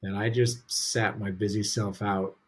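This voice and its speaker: A man's voice: lowish voice, flat delivery, a little slow. A middle-aged man, a dog trainer and podcast guest, talking in an earnest, reflective and candid way in casual conversation.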